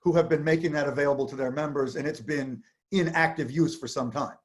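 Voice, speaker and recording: A male interviewer with a somewhat high voice hosts a conversational interview. He introduces his guest briskly and cuts in with quick follow-up questions. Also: fairly even intonation. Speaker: interview host.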